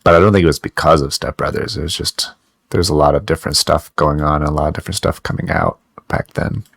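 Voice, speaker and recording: A man's voice: rumbling low, steady tone, fast talker, vocal fry, fairly bright tone, no echo. A man co-hosting a podcast, chatting in a loose, rambling, joking way. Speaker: podcast co-host. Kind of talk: casual podcast chat.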